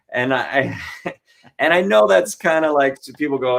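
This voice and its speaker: A man, a guest comedian, chatting in an interview and telling stories with animated asides and quick voice impressions. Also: mid-range voice, vocal fry. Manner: animated storyteller who acts out voices. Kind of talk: casual interview chat.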